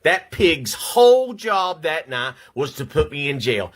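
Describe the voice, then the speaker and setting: A man's voice: fairly high pitch, sing-song, a little slow, few pauses, a bit bright. Shaky, agitated older man ranting. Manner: agitated, repeats himself, stumbles over words. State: shaky and upset. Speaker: vlogger. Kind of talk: angry personal rant to camera. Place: at home at his computer.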